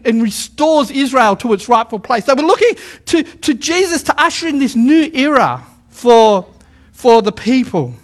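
Guy preaching in church, real high voice, gets the crowd to repeat after him, stumbles and repeats words. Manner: animated, calls on congregation to repeat lines; stammers restarts, repeats words for emphasis. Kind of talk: sermon. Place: church service with a live congregation.

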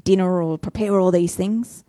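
A woman's voice: on the low side, steady tone, normal speed, mellow, no echo, studio quality. A woman preaching a conversational sermon, asking rhetorical questions and admitting her own faults.

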